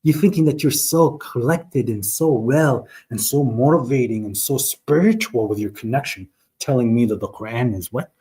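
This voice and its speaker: On a live online religious talk, a man argues with viewers in the chat, mocking them, addressing them directly, and breaking into quoted Arabic verses. His voice is mid-range, mellow and husky, at a moderate pace.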